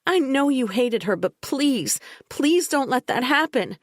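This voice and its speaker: A woman's voice: high voice, animated, measured pace, no echo, voice pushed up. A woman reading an audiobook, voicing a distraught young pregnant woman who pleads desperately. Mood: frantic pleading.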